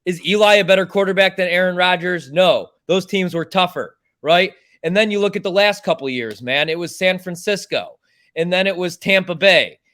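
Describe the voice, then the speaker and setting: A man's voice: sits high, moderate pace, pushed and bright. Fired-up man ranting about football picks. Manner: heated, ranting, swears freely. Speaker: podcast co-host. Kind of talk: casual sports-picks banter.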